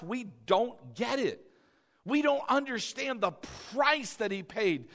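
A man with a high voice delivers a sermon as pastor. He swings from loud, impassioned cries to quiet, tender moments and keeps drawing the congregation in with questions and calls for response.

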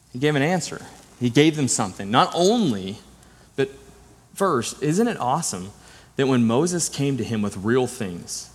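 A man's voice: medium pitch, breathy edge. Earnest man preaching in a reverberant church. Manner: earnest, direct, tells personal stories. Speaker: pastor. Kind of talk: conversational sermon. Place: church sanctuary. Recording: long church hall reverb.

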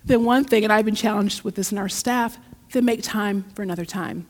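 A woman preaching a sermon in a church, telling a story in a lively, heartfelt way. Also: mid-range voice, moderate pace. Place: church sanctuary. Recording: long church reverb.

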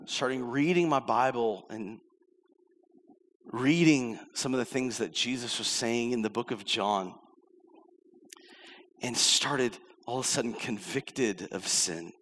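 A man's voice: medium pitch, slow pace, long pauses, fairly bright tone. Middle-aged male pastor, casual storytelling sermon, acts out quotes, long hall reverb. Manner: conversational preaching, acts out quotes.

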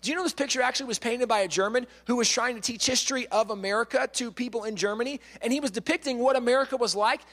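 Man, lively storytelling speaker, high voice, long hall echo. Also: fast, hardly any pauses. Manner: lively, acts out quotes, repeats words. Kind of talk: animated storytelling lecture.

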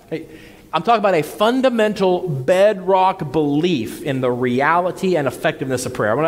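Earnest preaching man in a reverberant hall. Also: on the high side. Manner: earnest, conversational preaching with repeated words. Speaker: pastor. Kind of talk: sermon.

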